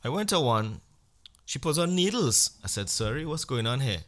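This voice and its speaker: A man telling crude comic stories as a podcast host, acting out exchanges with sudden jumps in pitch and volume. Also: big pitch swings, moderate pace, fairly bright tone. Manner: blunt and crude. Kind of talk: comic storytelling monologue.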